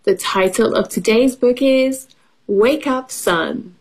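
Mulher husky lendo livro infantil devagar. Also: female voice, fairly high pitch, slow pace. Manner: lively teacherly, asks children questions, puts on animal voices. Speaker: English storybook teacher. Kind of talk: children's picture-book reading.

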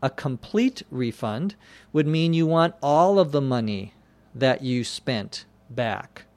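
A man teaching English in an unhurried, measured lesson, spelling each new word out letter by letter. His pitch sits in an ordinary middle range. The sound is dry and close, with no room around it. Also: animated, a little mellow, dry recording. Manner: spells out words letter by letter, careful and deliberate. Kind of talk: slow explanatory lesson.

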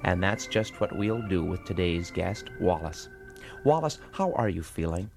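A man playing a smarmy male radio faith healer, preaching in a slow, soothing manner in a comedy radio sketch. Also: low-pitched, lively intonation, creaky, over music, exaggerated voice.

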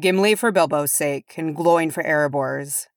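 A woman voicing a proud, stern male dwarf lord who speaks grimly and slowly. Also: sits low, dry recording, clean studio sound. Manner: grim, measured.

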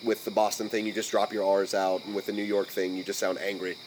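An American man with a General American accent hosting a podcast in casual chat. He rambles, restarts often, and fills his talk with "like", and his voice jumps high when he is amused. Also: little pitch movement, fast talker, background noise. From United States. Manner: rambling, many restarts and "like" fillers. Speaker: podcast host.

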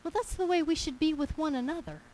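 A woman's voice: high voice, fast, a little mellow, low-quality recording. A woman preaching a sermon in an emphatic, conversational way, repeating her phrases for weight.

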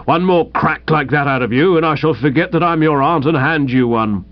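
A man voicing a hearty, brusque older woman with a loud ringing voice. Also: fairly high pitch, normal speed, no echo, lo-fi sound, lightly acted.

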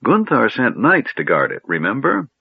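A man's voice: mid-range voice, huge pitch swings, normal speed, vocal fry, breathy edge, dry recording, voice pushed up, heavily acted. A man voicing an absent-minded old male wizard who talks in a distracted, muttering way, recorded on a narrow phone-like line. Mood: vague.

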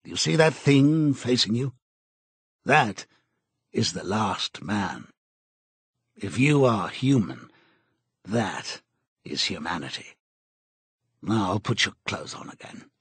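Man reading as a menacing male interrogator, cold and contemptuous, slow and measured, husky, dry audiobook sound. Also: on the low side, sing-song, dry recording, heavily acted.

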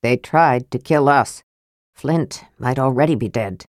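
Quiet, worried leader, read by a woman. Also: a bass voice, unhurried, no room sound, studio quality.

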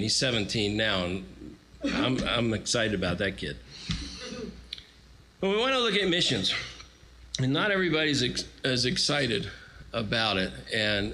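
Bright, animated male preacher. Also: medium pitch, slight background noise, poor audio. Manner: animated storytelling with acted-out quotes. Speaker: guest preacher. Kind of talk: sermon.

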